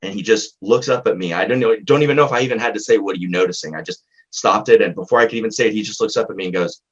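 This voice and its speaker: Low husky-voiced male psychologist. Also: lo-fi sound. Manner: halting, earnest, with frequent restarts. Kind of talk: recounting a therapy case in conversation.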